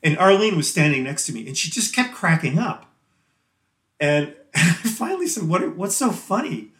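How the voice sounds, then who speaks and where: A man's voice: on the high side, big pitch swings, moderate pace, a bit bright. Chatty man in a roomy space. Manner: rambling and chatty, laughs easily. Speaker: guest musician on a podcast. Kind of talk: casual interview chat. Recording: roomy echo.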